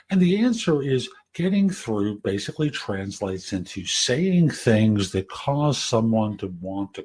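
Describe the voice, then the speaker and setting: A man in his later years, hosting a podcast, giving career advice in a soft, gentle, conversational way. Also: mid-range voice, breathy edge. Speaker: career coach and podcast host. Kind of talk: casual advice talk.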